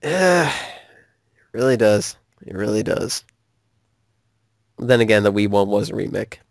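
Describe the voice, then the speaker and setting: Excitable man ranting, swearing and laughing. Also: on the low side, unhurried, gravelly, no echo, studio quality. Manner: animated, swears freely, laughs often. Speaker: co-host of a gaming channel. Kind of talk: casual ranting chat with a friend.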